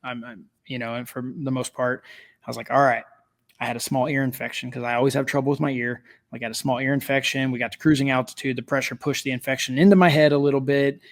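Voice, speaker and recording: A middle-aged man, a podcast guest, telling a story in a casual, animated way, laughing often and filling with "like" and "you know". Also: medium pitch, fast talker.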